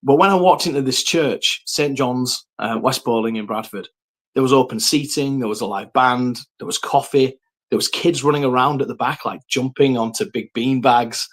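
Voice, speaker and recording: A man telling his personal faith story, earnest and reflective, with frequent pauses and ums. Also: medium pitch.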